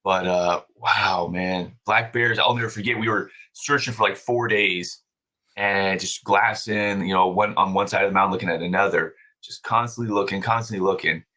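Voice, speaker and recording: Male podcast guest, low bright voice, casual storyteller, profane and animated. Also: moderate pace, poor audio. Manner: animated, swears freely, many fillers and restarts. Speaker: podcast guest, brewery owner.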